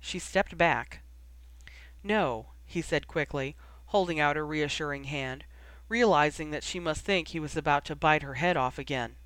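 Storybook narrator, measured, steady, mid pitch, dry close mic. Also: no room sound. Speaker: audiobook reader. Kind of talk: narration of fan fiction.

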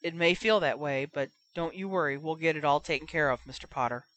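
A woman doing a low, gentle older healer. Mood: soothing. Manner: gentle, soothing, unhurried. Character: older kindly male healer, calm and reassuring. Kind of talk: audiobook character voice.

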